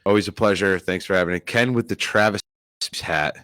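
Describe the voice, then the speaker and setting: A man's voice: sits low, fairly quick, fairly bright tone, dry recording. A man hosting a podcast, joking and bantering casually with friends. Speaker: podcast host. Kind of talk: casual chat among friends.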